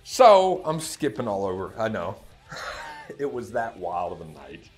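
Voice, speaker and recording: Excitable man telling a lively story. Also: sits low, moderate pace. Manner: excitable, laughs often, lively bursts of shouting. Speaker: music reaction channel host. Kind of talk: excited casual storytelling to camera.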